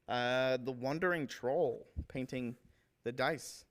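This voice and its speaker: A man chats casually on a livestream, rambling and enthusiastic, often stumbling over names. His voice sits at a medium pitch, like most men's. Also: slow. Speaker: livestream host showing painted miniatures.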